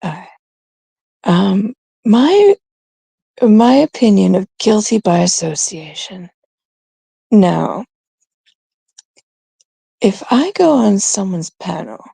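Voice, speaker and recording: A woman's voice: mid-range voice, lively intonation, takes it slowly, gravelly, long pauses, warm tone, slightly rough, dry recording. A middle-aged woman with a Canadian accent, hosting a livestream in casual, rambling chat with viewers, cursing freely. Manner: profane and rambling. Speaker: livestream host.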